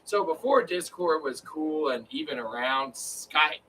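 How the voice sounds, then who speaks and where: A man's voice: on the high side, expressive, a little slow, bright, forceful tone, recorded from a distance, slight background noise, low-quality recording. A man chatting casually on a live stream, rambling with lots of fillers. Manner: rambling, filler-heavy storytelling. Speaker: co-host of a live chat. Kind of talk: casual chat.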